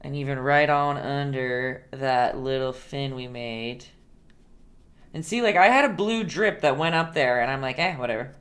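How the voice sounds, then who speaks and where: A woman's voice: extremely low pitch, lively intonation, moderate pace. A woman hosting a casual live-stream painting lesson, chatty and playful, laughing often and talking back to her viewers.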